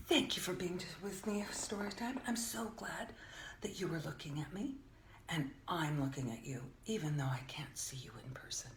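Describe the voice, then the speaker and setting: Older female children's storyteller, gentle and playful, soft whispers, recorded in an echoey room with faint hiss. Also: fairly low pitch, animated, normal speed. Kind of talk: reading picture books aloud to children.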